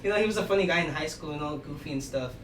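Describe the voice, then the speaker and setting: A man's voice: fairly high pitch, very fast. A young man, a podcast guest, telling stories casually and loosely, with lots of "you know" and "like". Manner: relaxed storytelling, many fillers like "you know" and "like". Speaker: podcast guest, aspiring musician. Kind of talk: casual conversation. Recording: echoey room, distant mic, background noise.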